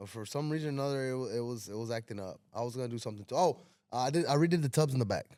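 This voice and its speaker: A man tells a story in a casual podcast chat. He acts out the dialogue with lively energy and swears freely. His voice sits at an ordinary middle pitch. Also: rapid-fire, no room sound. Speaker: podcast host telling a story.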